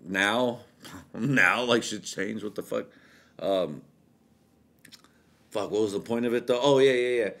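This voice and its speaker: A man's voice: lowish voice, a little slow, gravelly, long pauses, a bit bright. A young man hosting a podcast, tipsy and telling stories in a rambling, profane, casual way. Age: young adult. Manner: rambling, profane, loose storytelling. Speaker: podcast host. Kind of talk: casual chat.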